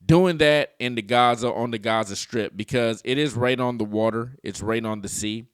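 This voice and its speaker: A man giving casual vlog commentary, animated and laughing often as he reacts to a clip. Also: mid-range voice, moderate pace, smooth, no echo, studio quality. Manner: animated, laughs often, talks back at clips.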